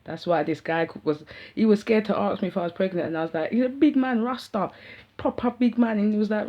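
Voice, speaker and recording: Young London woman vlogger, husky and slangy, on a dull lo-fi recording. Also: mid-range voice, fast. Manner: slangy, animated, rambling. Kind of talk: casual storytelling to camera. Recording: dull lo-fi sound.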